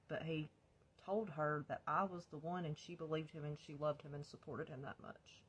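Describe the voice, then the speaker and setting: A woman's voice: sits low, steady tone, moderate pace, breathy edge, highs cut off. A woman vlogger telling her own life story in a blunt, confessional storytime, swearing freely. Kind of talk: candid storytime.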